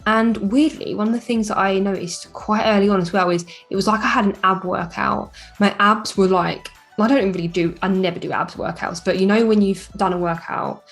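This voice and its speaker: A young woman talks straight to camera in a loose, chatty vlog, frank and a bit weary as she runs through her days. Her voice sits at an ordinary middle pitch. Faint music plays quietly behind her. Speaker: vlogger. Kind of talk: casual chat.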